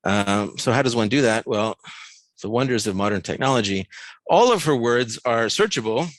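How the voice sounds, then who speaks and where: An American man giving an academic seminar talk over a video call, relaxed and self-deprecating, with many fillers. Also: mid-range voice, normal speed, no echo. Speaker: guest lecturer.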